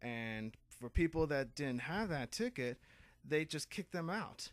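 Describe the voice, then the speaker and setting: A man's voice: a little high, unhurried, dry recording. Laid-back young man co-hosting a podcast. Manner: relaxed, agreeable, occasional swearing. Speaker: podcast co-host. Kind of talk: casual chat.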